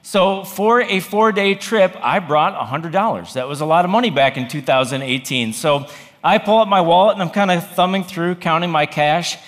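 With a high, slightly bright voice at a moderate pace, this campus pastor delivers a funny sermon story marked by wry jokes at his own expense. The recording carries long hall reverb.

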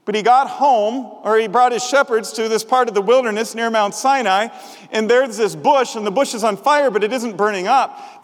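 A male pastor preaching a sermon in a conversational, humorous way, asking the congregation questions. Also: high voice. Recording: long reverb of a large hall.

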